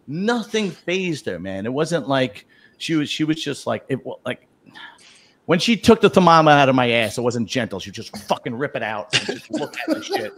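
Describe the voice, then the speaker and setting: A middle-aged man hosting a casual video-call chat, telling stories in a crude, animated way and swearing freely. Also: on the high side, background noise. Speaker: host.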